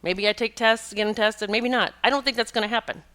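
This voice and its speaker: A woman's voice: fairly high pitch, steady tone, brisk, a bit bright, smooth. A middle-aged woman hosting a podcast, talking casually in a rambling monologue with many restarts and occasional laughs. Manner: chatty, rambling, restarts often and laughs while telling stories. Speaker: podcast host and pet communicator.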